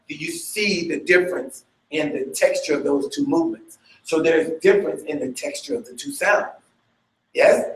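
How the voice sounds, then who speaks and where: A man's voice: high-pitched, animated, unhurried, a bit bright. Man teaching dance with vocal sounds. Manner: vocalizes beats and sounds with energy; chatty, checks in with listeners. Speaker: dance fitness instructor. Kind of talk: teaching a workshop. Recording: echoey room.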